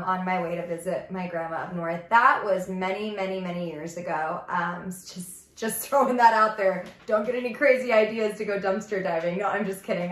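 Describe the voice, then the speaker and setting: A woman's voice: fairly low pitch, fairly bright tone. A woman telling her personal testimony in a casual vlog, chatty and earnest, with "like" running through her sentences. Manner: chatty, heavy use of "like", earnest and confiding. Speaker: ministry vlogger. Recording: echoey room.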